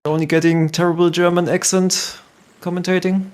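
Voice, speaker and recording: Casual male stream commentator, slightly high voice, faint game music behind. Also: moderate pace. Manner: relaxed, chatty, greets chat. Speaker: tournament commentator.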